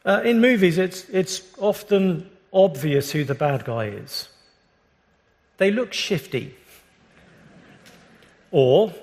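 A British man preaching a sermon as pastor, earnest and measured, often restarting his phrases. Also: high-pitched, animated, darkish tone. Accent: British English. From Britain. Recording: long reverb of a large hall.

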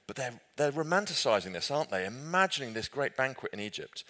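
A man's voice: medium pitch, sing-song, brisk, few pauses. Man leading a Bible study. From Britain. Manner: conversational, self-correcting, gently humorous. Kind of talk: group Bible study teaching.

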